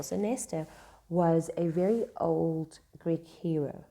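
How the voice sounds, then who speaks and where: A woman teaching a Shakespeare scene at home. She reads each line slowly, then explains it in casual slang. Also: deep voice, vocal fry, dark tone. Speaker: English teacher.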